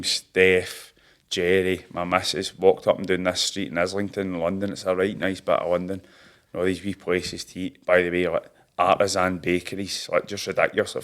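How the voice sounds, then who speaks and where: Low-voiced Scottish boxer in his thirties. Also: fairly bright tone. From Scotland. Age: 30s. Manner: chatty storyteller, laughs at himself, broad slang. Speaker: professional boxer. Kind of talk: casual interview chat.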